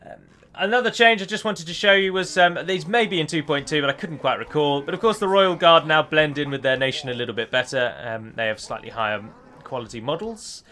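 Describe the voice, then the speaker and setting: A man's voice: fairly high pitch, brisk, bright, forceful tone. A man giving a chatty gameplay voice-over as a mod developer, often correcting himself as he explains.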